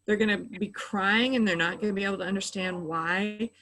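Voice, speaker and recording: A middle-aged woman who works in mental health offers practical guidance in a relaxed interview. She explains step by step in a patient manner, with plenty of "you know" fillers. Her pitch is ordinary for a woman. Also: a little fast, rough recording. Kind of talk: advice in a conversational interview.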